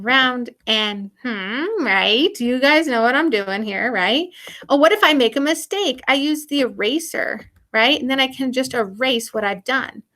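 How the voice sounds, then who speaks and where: An upbeat woman music teacher walks young children through an online lesson step by step. Her voice sits a little high and sounds bright and forceful, with patient, encouraging explanations.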